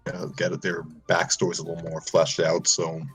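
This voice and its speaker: A man co-hosting a podcast, talking in a relaxed, hesitant way with fillers. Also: low-pitched, normal speed, breathy edge, faint music behind. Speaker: podcast co-host. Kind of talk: casual chat.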